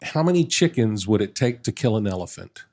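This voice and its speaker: A man's voice: on the low side, very animated, brisk, loud music behind the voice. A middle-aged man hosting a podcast, asking numbered questions and laughing often. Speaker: podcast host. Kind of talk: casual interview.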